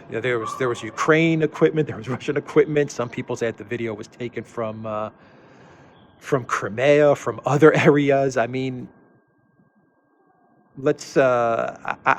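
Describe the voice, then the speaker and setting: A man's voice: medium pitch, a little hiss or hum. A man hosting an unscripted commentary monologue, hesitant with frequent restarts and fillers, then emphatic on his key points. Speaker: political commentary host.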